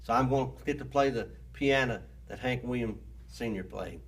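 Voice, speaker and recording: A singer-songwriter speaking slowly and earnestly to the camera from an indoor recording studio. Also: male voice, mid-range voice, slightly rough. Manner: slow, earnest, reverent talk. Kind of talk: casual spoken intro to camera. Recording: loud piano music in the studio.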